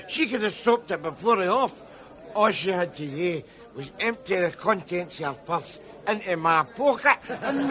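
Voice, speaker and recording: A man's voice: high-pitched, background noise, natural voice. A Glaswegian actor playing a bitter, rambling unemployed man in a sitcom, with studio audience laughter. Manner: rambling, boisterous, drunken. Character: boozy unemployed Glasgow man, bitter, gabby. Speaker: sitcom character.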